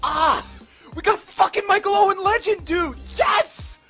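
A man excitedly cheering and swearing while opening game packs. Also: very high voice, measured pace, soft background music. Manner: pleading then cheering wildly.

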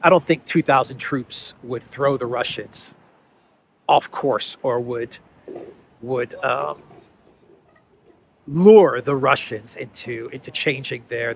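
A man's voice: mid-range voice, slight background noise. A man hosting a casual political commentary show, talking in a conversational way, repeating words as he thinks and adding sardonic asides.

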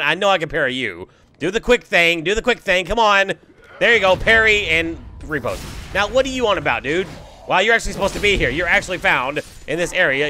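A young man with a drawl narrates his gameplay in a high, wildly swinging voice, swearing and yelping as things go wrong. His tone is bright and pushed, with a gravelly edge. Faint noise sits under the recording. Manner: excitable, swears and yelps at the game. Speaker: gameplay commentator. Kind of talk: let's play commentary.

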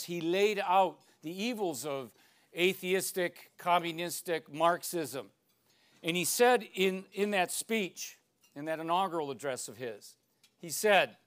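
Older man, high voice, emphatic lecture delivery with dramatic pauses. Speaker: speaker.

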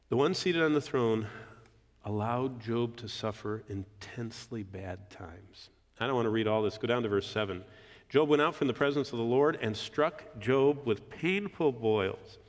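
A man preaching a sermon verse by verse, building to emphatic peaks and dropping low and quiet for weight. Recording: hall reverb.

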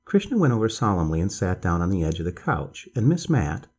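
Low, husky man reading a bedtime story. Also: big pitch swings, fairly quick, a little mellow. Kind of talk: scripted bedtime story narration.

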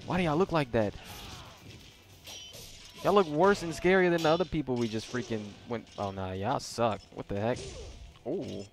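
A man talking casually over a video game playthrough at a mid pitch. He jokes and reacts in slang as the action unfolds. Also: moderate pace, pauses often, soft background music. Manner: slangy, joking reactions to gameplay. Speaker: gameplay commentator. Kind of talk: casual let's-play commentary.

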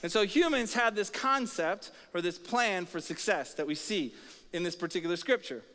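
A high-pitched male pastor delivers an energetic sermon and pulls the congregation into call-and-response. His voice rings out through a large church auditorium with a long reverb tail. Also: moderate pace.

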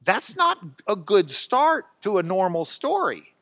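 A man teaching a classroom Bible lesson, bursting into loud dramatic emphasis as he reads and dropping to quiet asides between. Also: sits high, big pitch swings, a little slow, no room sound, studio quality. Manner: drops to quiet asides when searching notes. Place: classroom, recorded for radio.

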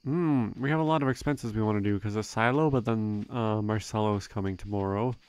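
A young man giving relaxed, rambling gameplay commentary, thinking aloud with frequent fillers. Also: fairly low pitch, brisk, a little hiss or hum. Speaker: let's play gamer.

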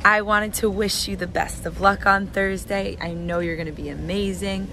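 A woman's voice: mid-range voice, fairly even intonation, moderate pace. A woman sending an affectionate message, recorded from a distance with hiss.

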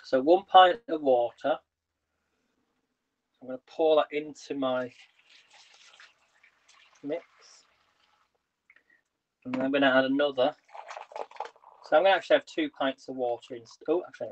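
A man's voice: mid-range voice, moderate pace, long pauses, highs cut off, slight background noise. A man hosting a live cooking stream from his home kitchen, chatting with viewers and reading their comments as he cooks.

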